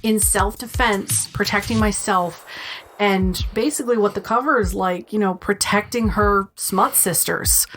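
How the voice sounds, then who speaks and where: Woman, casual podcast chat, lively retelling, swears a lot, faint music behind. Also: mid-range voice, a little slow. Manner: lively storyteller, swears freely, acts out quotes. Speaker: podcast co-host. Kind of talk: casual chat recapping a film.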